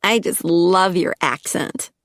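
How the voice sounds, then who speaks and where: A woman voicing a drunk, ditzy young blonde woman who whines and giggles in a high, squeaky voice. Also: takes it slowly, gravelly, a bit bright, no echo, studio quality, full character voice. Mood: tipsy, whiny. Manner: high-pitched, whiny party-girl voice.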